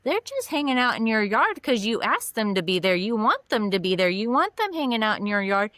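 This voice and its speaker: A woman's voice: on the high side, sing-song, a little fast, fairly bright tone, dry recording. A woman counselor being interviewed on a podcast, explaining earnestly with examples from her own life. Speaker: mental health counselor.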